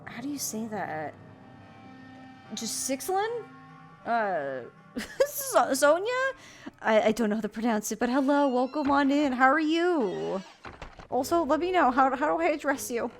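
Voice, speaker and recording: A woman's voice: sits high, very animated, measured pace, faint music behind. Bubbly, chatty woman streamer. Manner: bubbly, chatty, playful asides to chat. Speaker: streamer playing a mystery game. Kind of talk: casual live-stream chat.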